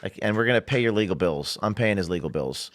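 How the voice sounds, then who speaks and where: A man's voice: on the low side, quick pace, dry recording. A male journalist as a guest on a talk show, speaking animatedly and acting out the people he quotes. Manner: animated, acts out quoted people, stumbles and restarts.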